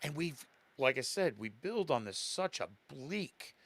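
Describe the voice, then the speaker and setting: A man's voice: a little high, measured pace. A man co-hosting a podcast, chatting casually about a horror film and laughing as he acts out lines. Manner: laughing, animated retelling with acted-out quotes. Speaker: podcast co-host. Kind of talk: casual chat.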